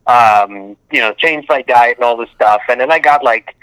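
A man's voice: mid-range voice, normal speed, fairly bright tone, clean tone, no echo, low-quality recording. A man in his thirties telling rambling stories in casual chat, full of fillers and laughs.

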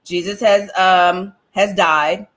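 A woman's voice: lowish voice, steady tone, takes it slowly, fairly bright tone. A woman leading a Bible study in a casual, joking, colloquial way.

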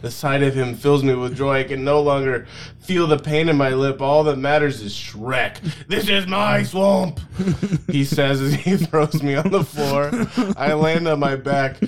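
A man's voice: mid-range voice, steady tone, normal speed, slight background noise. A man reading fan fiction aloud as a comedy podcast co-host, often cracking up and trying silly voices. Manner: reads aloud, breaks into laughter, tries silly voices.

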